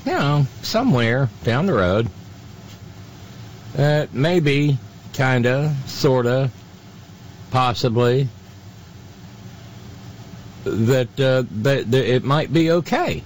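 A man hosting a radio talk show, talking in a halting way full of fillers and restarts, with sardonic asides. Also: mid-range voice, animated, slight background noise. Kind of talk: casual on-air commentary.

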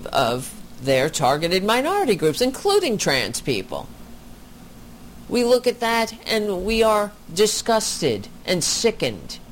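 A commentator reacting to a video in a slow, deliberate delivery, the pitch swinging widely as indignation builds. Sarcastic asides cut through the commentary. A faint hiss sits under the voice.

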